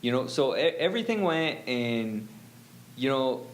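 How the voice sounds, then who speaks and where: Male guest, mid pitch, rambling personal story, slight background hiss. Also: expressive, unhurried, rough recording. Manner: rambling, many fillers and self-quotes. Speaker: guest telling his faith story. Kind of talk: casual storytelling.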